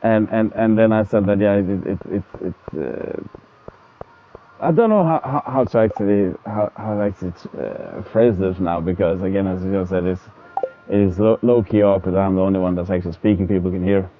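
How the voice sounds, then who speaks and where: In a deep voice at normal speed, a man from a country that uses military time chats loosely with his stream audience while gaming, rambling, repeating words and laughing frequently. The stream sound is dull and low-fidelity.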